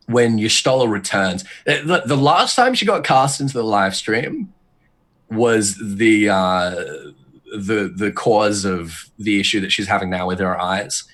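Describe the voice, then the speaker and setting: A man with a lowish voice chatting on a podcast. He rambles and restarts often, and gets animated as he lays out his ideas. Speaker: podcast guest. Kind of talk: casual podcast chat, lore speculation.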